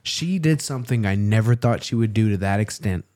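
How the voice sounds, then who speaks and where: A young man in his twenties speaks in a low, warm, mellow voice. He talks openly and emotionally in a relaxed conversation, and he slows down when the story gets painful. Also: no echo, clean studio sound. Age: 20s. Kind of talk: casual heartfelt conversation.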